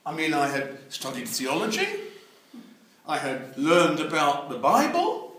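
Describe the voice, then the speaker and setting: A man's voice: on the high side, huge pitch swings, unhurried, a bit bright. An older man, telling his life story as testimony in an earnest way and acting out the dialogue. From England. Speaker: evangelist. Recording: very echoey, distant mic.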